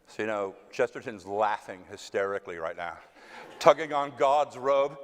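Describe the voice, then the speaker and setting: A man's voice: mid-range voice, brisk. A man with a Texan accent, an actor telling stories to an audience in a theater, self-mocking and acting out the voices he quotes. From West Texas. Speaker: actor answering audience questions. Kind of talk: casual storytelling Q&A. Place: theater stage. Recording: long hall reverb.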